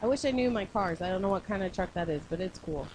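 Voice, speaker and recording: A playful woman co-hosting a live radio show, chatty and teasing at a middle pitch. A faint layer of noise sits underneath her voice. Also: lively intonation, fast, a little mellow, rough recording. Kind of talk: casual live show chat.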